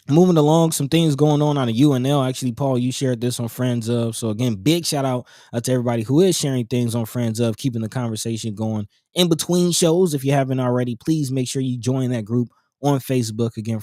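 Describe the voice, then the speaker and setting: A man co-hosting a community talk show, in casual, rambling chat with many fillers and soft laughs. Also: mid-range voice, fairly quick, no echo, studio quality.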